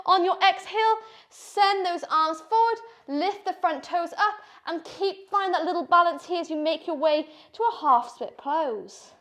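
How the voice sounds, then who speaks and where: High, slow, breathless woman yoga teacher. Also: a bit bright. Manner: encouraging cues, slow and breathy while moving. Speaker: yoga instructor. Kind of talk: guided yoga class instruction.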